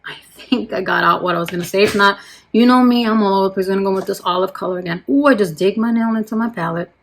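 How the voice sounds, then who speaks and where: A woman beauty vlogger chats casually while applying makeup, slowing down and repeating points for emphasis, then dropping to a quiet murmur when she turns to her products. Her voice is medium-pitched, and the recording is low-quality.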